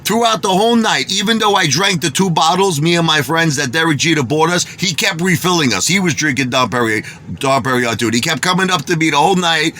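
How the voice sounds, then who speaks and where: A man's voice: fairly high pitch, quick pace, a little hiss or hum. A man from Bensonhurst with a Brooklyn accent, telling a boastful story with street talk and oaths that he doesn't lie. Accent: Brooklyn New York. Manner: animated, street-talking, swears he doesn't lie. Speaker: vlogger.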